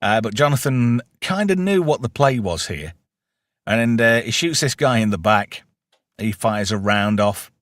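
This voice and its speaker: A man with a mid-range voice talks a little slowly, no room sound audible. He's hosting a relaxed film review podcast, walking through the plot, eagerly quoting lines, and laughing frequently.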